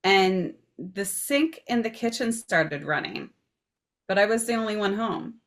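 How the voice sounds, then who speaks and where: A woman's voice: mid-range voice, expressive, a little slow. A woman in a casual chat, easygoing and a bit hedging as a guest. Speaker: paranormal investigator guest.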